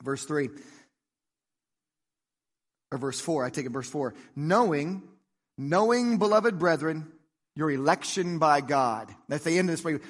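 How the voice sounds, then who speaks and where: A man preaching a sermon in a fairly high voice. His delivery is animated, and it drops low and soft for the prayers he quotes. A long reverb trails each phrase. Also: normal speed. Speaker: pastor.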